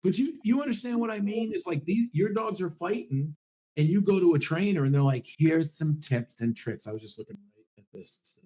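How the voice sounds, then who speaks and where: This man co-hosts a casual podcast and talks in an animated way, swearing freely and slipping into quick voices as he tells stories. His voice sits a bit higher than most men's. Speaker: podcast co-host, dog trainer. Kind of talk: casual chat.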